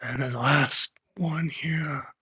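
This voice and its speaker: A man leading a yoga workout with calm, encouraging step-by-step cues. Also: on the high side, slow, slightly rough. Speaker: yoga instructor. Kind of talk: guided workout instruction. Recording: slightly muffled, lo-fi audio.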